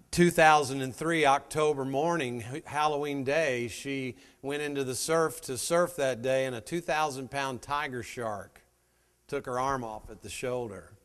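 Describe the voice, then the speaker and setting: A man giving an energetic motivational speech to a live sales audience, firing rhetorical questions at the crowd. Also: medium pitch, clean tone. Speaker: motivational speaker at a sales meeting. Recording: long hall reverb.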